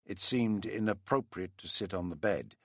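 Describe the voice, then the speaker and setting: A man narrating a memoir audiobook in a dry, measured storytelling manner. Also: sits low, animated, no room sound.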